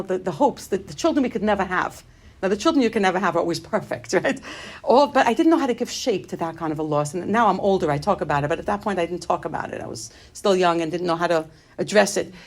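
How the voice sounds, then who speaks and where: A middle-aged woman giving an inspirational talk, telling personal stories in an animated, humorous way that turns grave at moments. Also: lowish voice. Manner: animated, humorous, shifting between light and grave. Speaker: inspirational speaker.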